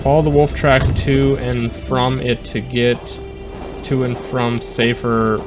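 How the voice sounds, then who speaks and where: Let's play host, man, casual jokey commentary, middle pitch, soft music under. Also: flat delivery, takes it slowly. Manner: chatty, talks to live chat, jokey mock accents.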